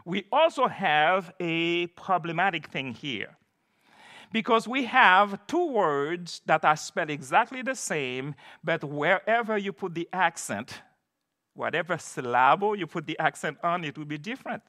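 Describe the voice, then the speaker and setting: A man's voice: a little high, animated, measured pace, sharp tone. A man preaching an expository sermon, emphatic and repeating key phrases for stress.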